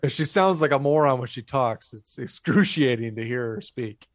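A man's voice: mid-range voice, normal speed, dry recording, studio quality. A man hosting a podcast, casually and crudely retelling a film's plot with jokes. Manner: crude, joking plot recaps. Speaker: podcast host.

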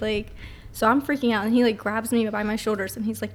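A woman with a somewhat high voice recounts her dreams in a quiet, hesitant way. She often trails off and pauses in casual conversation. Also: fairly even intonation. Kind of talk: casual podcast chat.

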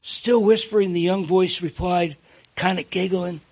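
Pastor, male, high voice, loose and jokey, talks straight to the pews. Lo-fi recording. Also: fairly even intonation, measured pace, vocal fry, darkish tone. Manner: jokey, conversational, asks the congregation questions. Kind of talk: sermon.

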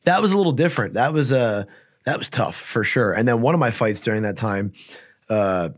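Guy talking fast on a podcast, rambly, lots of likes and ums. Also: mid-range voice, expressive. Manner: fast, rambling storytelling with many fillers. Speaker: guest fighter. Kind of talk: casual interview chat. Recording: audio-only podcast.

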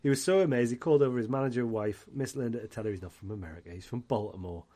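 A man's voice: medium pitch, very fast, mellow. A man from the northeast of England, co-hosting a podcast in casual chat, who swears freely and reads out passages at length. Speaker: podcast co-host.

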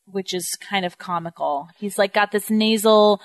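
A woman in a casual film discussion who gives wry, measured takes. Her voice sits at a middle pitch, and the recording is dry and close. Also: no room sound. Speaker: podcast co-host.

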